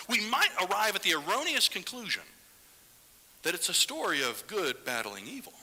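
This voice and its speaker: A man preaching a Sunday sermon with a lively, swooping delivery and a bright, forceful edge, now and then sinking to a hushed whisper for emphasis. His voice carries the long reverb of a church hall. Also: sits high. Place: church sanctuary.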